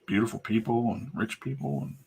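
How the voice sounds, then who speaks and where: On the low side and gravelly, his voice carries a darkish tone and lively intonation at a brisk clip. He's a man livestreaming his comic drawing, spinning a rambling, chatty story loaded with fillers and digressions.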